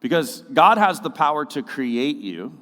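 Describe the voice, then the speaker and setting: Joking pastor in a reverberant hall. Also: male voice, on the high side, measured pace. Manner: casual, joking, animated with mocking voices. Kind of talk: conversational sermon. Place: church auditorium.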